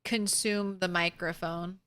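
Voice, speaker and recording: A woman streamer talks through her game in a relaxed, chatty way, speaking to herself and to things on screen. Her voice is bright and clean, set a little high, and she takes her time between thoughts. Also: slow pace, smooth. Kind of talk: casual gameplay commentary.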